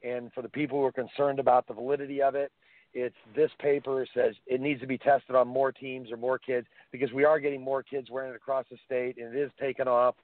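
A man's voice: medium pitch, fast talker, dry recording. Male phone-in guest, eager storyteller, sound thin and dry like a phone call. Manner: enthusiastic storyteller, animated anecdotes. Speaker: guest, helmet pad inventor. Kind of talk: phone-in radio interview. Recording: dry tinny phone line.

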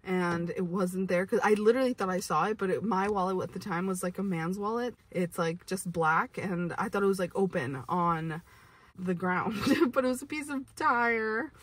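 A woman's voice: lowish voice, moderate pace, husky, no echo. A young adult woman telling a story to camera, rambling with lots of "like" and restarts. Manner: rambling, heavy use of "like" and restarts. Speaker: vlogger. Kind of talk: casual storytelling. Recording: voice from a distance from the mic.

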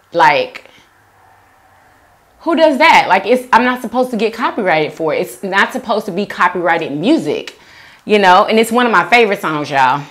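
A woman vlogger chatting casually to viewers while eating takeout, addressing them as "y'all", with close mic eating sounds. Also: lowish voice. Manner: chatty, animated, says "y'all" a lot, chewing sounds. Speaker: mukbang vlogger. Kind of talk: casual eat-with-me chat.

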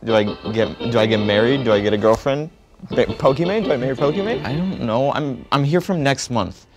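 A man's voice: medium pitch, expressive, fairly quick, over music, lightly acted. A man doing a goofy time-traveling double. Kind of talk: comic skit playing himself and his future self.

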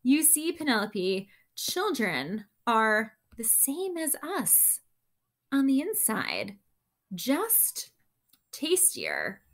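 A patient, gently teasing dinosaur dad from a storybook, as a woman reads him aloud. His lines are slow and explaining, with a bright, lively voice. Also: fairly high pitch, heavily acted. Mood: gentle. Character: calm T. rex father, gently teasing.

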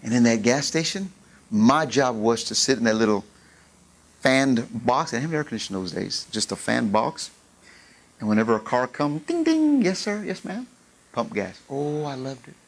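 A middle-aged man preaching a sermon, lively, acting out old conversations as he tells his story. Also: medium pitch, moderate pace, vocal fry. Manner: animated, acts out dialogue in raised voice. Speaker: pastor.

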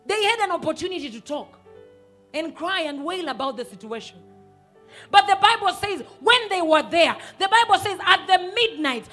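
A woman pastor, preaching a sermon emphatically and sometimes rising to a shout. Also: very high voice, lively intonation, normal speed, soft background music. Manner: emphatic, rises to shouts and acts out quoted voices.

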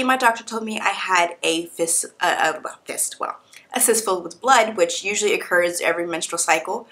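A young woman vlogging casually, telling a story in a slangy, playful way and acting out what others said. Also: medium pitch. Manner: animated, acts out quotes of doctors and nurses.

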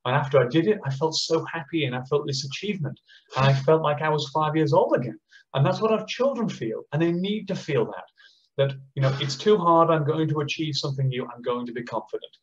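A man's voice: a little high, animated, lo-fi sound. A man with an Australian accent, speaking passionately as an education speaker at an online conference, often acting out teachers and children. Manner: passionate, acts out teachers and children in quick impressions.

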